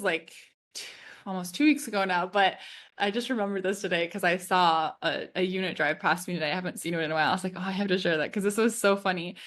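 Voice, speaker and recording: A woman in her thirties co-hosts a relaxed podcast chat, her voice sitting at an ordinary middle pitch. She rambles through anecdotes with plenty of "like" and laughs easily as she goes. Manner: chatty, fills speech with "like", laughs often while telling stories. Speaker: podcast co-host. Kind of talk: casual chat.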